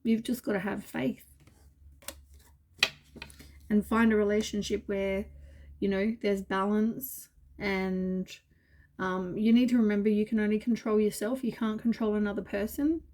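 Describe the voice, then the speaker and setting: A tired woman reads tarot cards in a loose, rambling way, full of fillers and gentle reassurance. Her voice is mellow and soft at a middle pitch, and she sounds worn out. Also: steady tone, unhurried, pauses often. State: tired, yawning. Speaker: tarot reader. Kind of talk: casual tarot reading.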